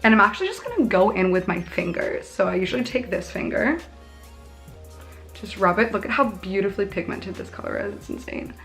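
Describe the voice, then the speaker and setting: A woman's voice: mid-range voice, lively intonation, brisk, vocal fry, fairly bright tone, soft background music. Young female beauty vlogger, chatty and self-deprecating, casual tutorial talk. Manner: chatty, bubbly, self-mocking asides.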